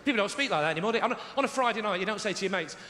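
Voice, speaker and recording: A man's voice: high voice, expressive, racing. A man doing a stand-up comedy routine in a large theatre, teasing the audience with rhetorical questions. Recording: echoey theatre with loud audience.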